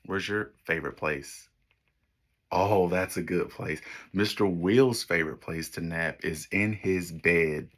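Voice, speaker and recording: A man's voice: deep voice, a little slow, a bit bright. A man teaching young children, reading a picture book aloud to them in an encouraging way, praising them often and pointing out the pictures.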